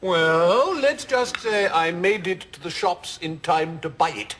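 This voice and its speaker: A man putting on the voices of shrill, gossiping middle-aged housewives in a falsetto, trading camp banter. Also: lively intonation, measured pace, heavy background noise.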